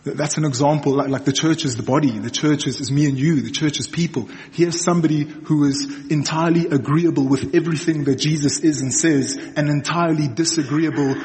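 This young adult preacher tells his sermon like a conversational story, often checking in with the audience, saying "okay" a lot and restarting lines. His pitch is fairly high, his tone steady and a little mellow, and he talks fairly quickly with few pauses. A large hall gives the recording a long reverb.

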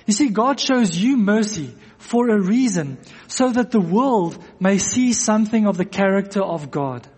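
A man's voice: high voice, lively intonation, unhurried, darkish tone, husky. A man preaching a sermon to a congregation, earnest, repeating phrases for emphasis. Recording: long echo of a church hall.

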